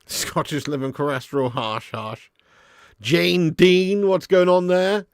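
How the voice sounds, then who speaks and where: A man's voice: a little high, fairly even intonation, slow, clear, resonant tone, no echo, studio quality. A man hosting a live football watch-along stream, chatting and laughing with viewers while a bit snotty and ill. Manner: chatty, reads chat aloud, laughs often.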